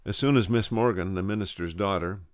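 A man's voice: fairly quick, dry recording, studio quality. A man retelling a revival story, stumbling and repeating words now and then. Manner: voices quoted speakers with raised pitch.

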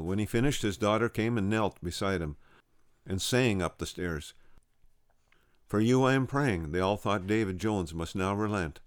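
A man with a low, smooth voice retells a story from a religious revival, now and then stumbling over a word. The recording is dry and close, with no room sound. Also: no room sound. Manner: voices quoted speakers with raised pitch; occasional stumbles and repeats.

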